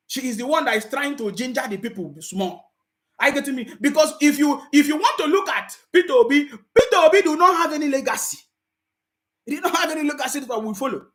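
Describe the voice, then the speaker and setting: High-voiced, fervent Nigerian woman. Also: animated, brisk. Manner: emphatic, repetitive, sometimes shouting. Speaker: political commentator. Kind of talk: impassioned political commentary vlog.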